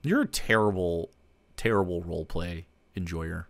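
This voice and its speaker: A male streamer rants bluntly and profanely at a clip he is reacting to. His voice sits at an ordinary middle pitch. The sound is close and dry, with no room in it. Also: animated, a little fast, a bit bright, dry recording. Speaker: streamer host. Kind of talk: live stream reaction commentary.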